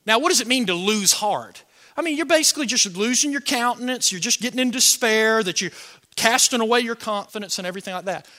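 A man preaching a sermon, animated and joking, swinging from soft asides to shouted lines. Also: very high-pitched, quick pace. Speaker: pastor.

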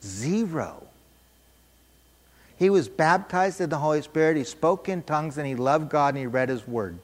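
A man preaching a sermon, telling a story with animated, emphatic repetition. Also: a little high, fairly quick, in a large hall.

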